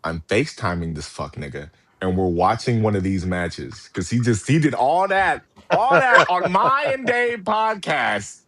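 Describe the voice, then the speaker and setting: A man co-hosting a casual wrestling podcast, teasing and joking in quick banter. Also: medium pitch, sing-song, fairly bright tone. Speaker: podcast co-host.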